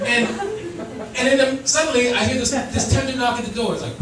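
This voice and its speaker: A male stand-up comedian telling a story on stage, animated and acting out voices while laughing through his lines. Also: very high-pitched, fairly quick. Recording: echoey club sound from far off with crowd. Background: laughing audience.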